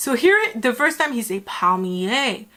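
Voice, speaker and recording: A woman's voice: a little high, lively intonation, normal speed, loud music behind the voice. A woman from France with a French accent, giving casual, chatty commentary full of fillers as a YouTuber reviewing a series. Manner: chatty, many fillers, laughs easily.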